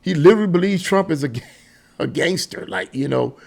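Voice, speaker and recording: A man with a slightly higher voice and a gravelly fry talks through his casual video commentary. He rambles in a loose, chatty way and keeps breaking into chuckles. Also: animated, moderate pace, darkish tone. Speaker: political commentary vlogger.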